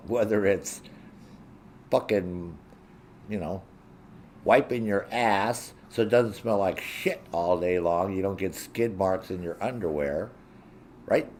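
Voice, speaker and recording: Slow and low, this male show host fills his monologue with long pauses as he rants bluntly and profanely. He mimics others in a raised voice, his tone on the dark side, with a little hiss or hum in the recording.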